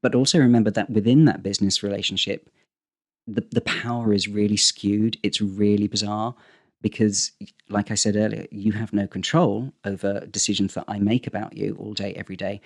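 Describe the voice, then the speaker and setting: A man, a talent agent talking casually as a podcast guest, animated and often repeating words as he starts a sentence. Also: lowish voice, fairly quick, vocal fry. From England. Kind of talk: casual interview chat.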